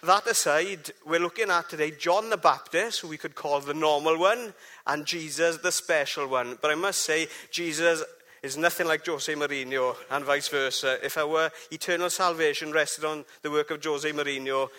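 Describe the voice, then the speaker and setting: A man's voice: fairly high pitch, moderate pace, sharp tone. A man giving a chatty, jokey church talk, often asking the congregation questions. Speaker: preacher.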